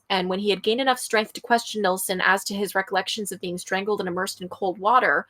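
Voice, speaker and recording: A woman's voice: medium pitch, fairly bright tone. Woman casually reading a true-crime case. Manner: reads case notes aloud, stumbling on place names, with blunt asides. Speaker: podcast co-host.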